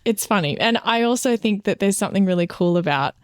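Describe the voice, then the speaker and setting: A woman's voice: medium pitch, expressive, quick pace, smooth, no echo, clean studio sound. An Australian woman co-hosting a podcast as an interview coach, chatting casually and rambling with lots of fillers.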